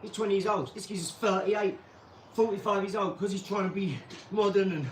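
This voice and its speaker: Man vlogger, high-pitched, blunt, rambling; far from the mic with noticeable noise. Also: moderate pace. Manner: rambling, blunt, swears then apologizes. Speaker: channel host. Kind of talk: casual vlog monologue. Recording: echoey room, far from mic, clear background noise.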